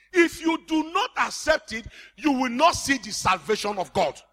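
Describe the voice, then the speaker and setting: A man preaching a sermon with passion, often shouting for emphasis. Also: very high-pitched, very animated, moderate pace, few pauses.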